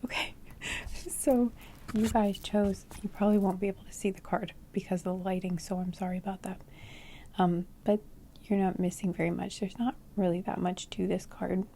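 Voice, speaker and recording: A woman talking through a tarot reading with a mellow, darkish tone. She rambles and restarts, reaching for the right word, and her voice is wearing thin, so she keeps it low and close to the microphone. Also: fairly even intonation, normal speed, creaky, a little hiss or hum. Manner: rambling, searching for words with many "like"s and restarts. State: losing her voice. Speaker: tarot reader. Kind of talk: casual tarot reading to camera.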